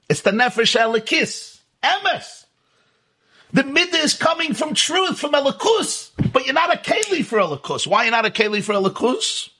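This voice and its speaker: A man teaches in a high, slightly husky voice that swoops up and down with animation. He lectures emphatically, firing off rhetorical questions and repeating his key words. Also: pushed and bright. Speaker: Torah teacher. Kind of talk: Hasidic lecture.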